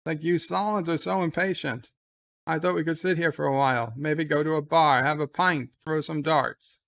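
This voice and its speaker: A man's voice: a little high, steady tone, normal speed, gravelly, fairly bright tone, no echo. A man voicing a smug male shapeshifter who poses as a human and taunts his foe. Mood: taunting.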